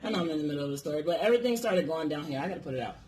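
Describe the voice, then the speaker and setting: A man's voice: fairly high pitch, expressive, very fast, a little mellow, a little hiss or hum. A man casually telling a personal story on his vlog, rambling and swearing freely. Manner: rambling, profane, lots of fillers.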